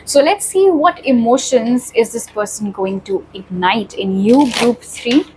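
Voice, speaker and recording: A woman with a somewhat high voice gives a pick-a-card tarot reading, speaking directly to her viewers in a steady, reassuring way. A faint hiss sits under the recording. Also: a little slow. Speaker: tarot reader.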